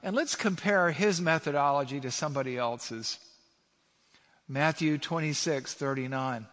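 A man preaching in a church, pressing his points hard and firing rhetorical questions at the congregation. His voice sits a little high for a man. The sound rings out with a long reverb, as in a large sanctuary. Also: moderate pace, a bit bright. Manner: emphatic, asks the audience rhetorical questions. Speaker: pastor. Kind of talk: sermon.

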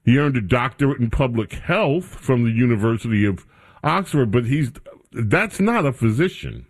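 A man's voice: medium pitch, lively intonation, normal speed. A man hosting a talk radio show, bantering with his studio crew in a casual commentary style.

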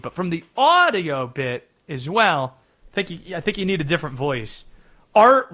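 A man's voice: high voice, fairly bright tone. A man from North Carolina hosting a sports talk radio show, talking in a chatty, explaining way.

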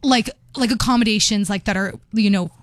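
A woman's voice: mid-range voice, brisk, dry recording. A young woman telling a travel story in casual chat, chatty and laughing, acting out quotes. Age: young adult. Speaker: vlogger.

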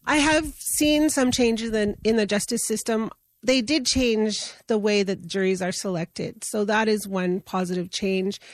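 A woman's voice: on the high side, no room sound. A middle-aged woman from Canada, a guest telling a story in an interview in an earnest, conversational way with fillers and restarts. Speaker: guest, justice advocate.

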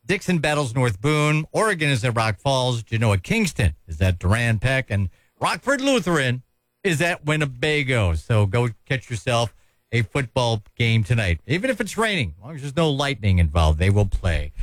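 A man hosting a morning radio show, chatting upbeat and reading local listings briskly into a studio microphone. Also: mid-range voice, big pitch swings, no echo. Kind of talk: casual radio chat and announcements.

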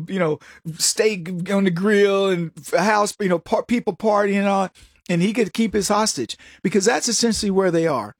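A man's voice: high-pitched, moderate pace, no room sound, clean studio sound. A man hosting a solo political commentary show, talking in a mocking, jokey way. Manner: mocking, jokey, acts out voices with laughs.

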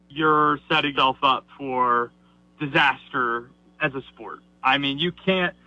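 A man who is a guest on a sports radio show, calling in while driving, giving a forceful, ranting opinion with a slightly raspy voice and lots of repetition. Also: fairly high pitch, dry recording, highs cut off. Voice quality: raspy in the morning. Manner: emphatic, ranting, repeats himself. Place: driving in a car.

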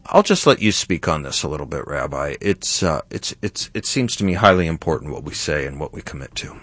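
A male host with a very low voice leads an interview conversationally. He muses aloud and drifts into hesitant asides. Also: very animated, fairly quick, hardly any pauses, fairly bright tone, no room sound. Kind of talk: interview talk show.

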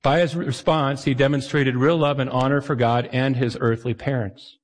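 A male pastor delivering a conversational sermon with dry humor, slipping into little voices for the people he quotes. His voice sits at an ordinary pitch and hangs in the long reverb of a church hall. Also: fairly even intonation, normal speed.

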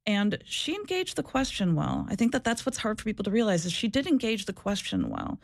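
A woman's voice: medium pitch, wildly swooping pitch, fairly quick, gravelly, few pauses, dry recording, clean studio sound. A woman who used to be a social worker, talking candidly in an interview, earnest and reflective, often restarting and repeating herself. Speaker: former social worker, guest.

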